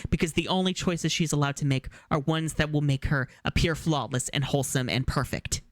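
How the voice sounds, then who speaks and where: A man's voice: a little high, fairly even intonation, a little fast, no room sound, clean studio sound. A man streaming live, giving sarcastic, ranting reaction commentary on a cartoon.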